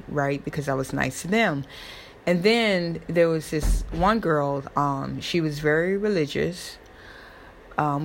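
Low-voiced woman, rambling and emotional. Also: slight background noise. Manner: rambling, many fillers and restarts. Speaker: host. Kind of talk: casual personal talk.

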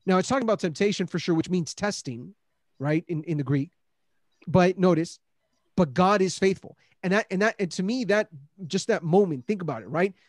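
A man's voice: high-pitched, brisk, no room sound, clean studio sound. A man hosting a Christian discussion, speaking earnestly with many restarts and rising emphasis on key points. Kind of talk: casual faith discussion.

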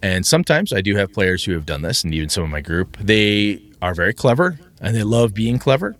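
A man hosting a casual chat about running tabletop games, animated and quick to slip into character voices. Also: lowish voice. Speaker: game master podcast host.

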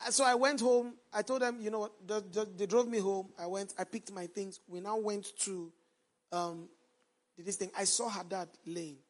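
A pastor preaching a sermon to a congregation, prompting them to finish his lines and swinging between loud emphasis and quiet storytelling. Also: high-pitched. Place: church before a congregation, also streamed online.

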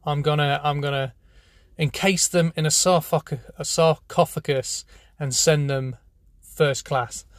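A man playing a breezy, high-voiced phone seller. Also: fairly even intonation, unhurried, no echo, studio quality, natural voice. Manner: chummy, breezy, calls everyone mate. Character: male Chinese phone seller who sounds English.

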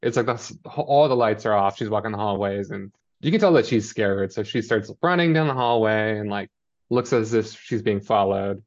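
A man's voice: fairly low pitch, moderate pace, muffled recording. A man casually recapping a TV episode with a co-host, rambling and quoting characters in mock voices. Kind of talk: casual chat.

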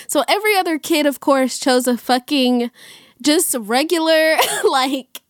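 Woman, podcast co-host, casual chat, blunt, playful, profane, slightly high voice, dry sound. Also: measured pace, dry recording.

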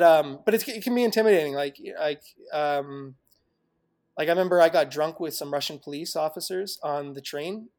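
A man's voice: fairly high pitch, darkish tone, dry recording, clean studio sound. A man telling travel stories as a guest on a podcast, chatty and loose, laughing often, with lots of fillers and restarts. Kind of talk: casual interview chat.

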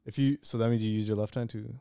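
A man's voice: lowish voice, steady tone, fast, gravelly, mellow, smooth. A young man co-hosting a podcast in casual joking chat, full of slang and laughter. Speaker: podcast co-host.

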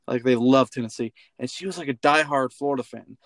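A man's voice: medium pitch, a little fast, no room sound. Wry joking man, dry sound. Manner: wry, joking, laughs at his own jokes. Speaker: podcast co-host. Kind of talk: casual sports chat.

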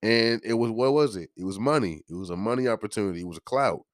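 A man's voice: on the low side, fast talker, no echo, clean studio sound. A man hosting a podcast, ranting in a heated, profane and joking way. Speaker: podcast host. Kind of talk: casual podcast rant.

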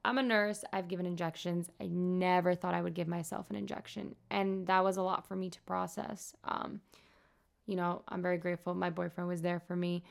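A woman's voice: lowish voice, flat delivery, brisk, creaky. A young adult woman, a nurse, speaks candidly and earnestly about her own experience in a casual vlog. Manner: candid and earnest, talking openly. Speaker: nurse sharing her own health story. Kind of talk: casual personal vlog talk.

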